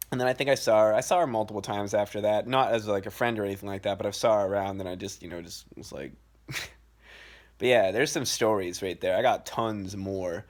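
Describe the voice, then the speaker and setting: A young man telling a personal story in a casual, blunt and profane way, as host of his own show. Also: lowish voice. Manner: profane, blunt, fast-talking. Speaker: podcast host.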